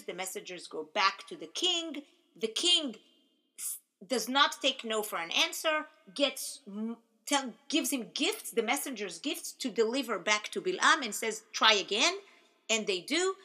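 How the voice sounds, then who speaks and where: A woman's voice: fairly high pitch, sharp tone. A woman giving a casual, chatty Torah lesson, talking straight to her listeners and asking them to repeat words after her. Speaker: Torah teacher. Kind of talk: casual spoken lesson to an audience.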